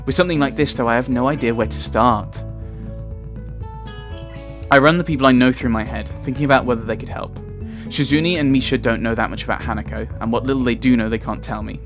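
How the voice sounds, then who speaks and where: A man reading a visual novel aloud as a let's player, chatty and quick to laugh at his own slips. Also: medium pitch, over music.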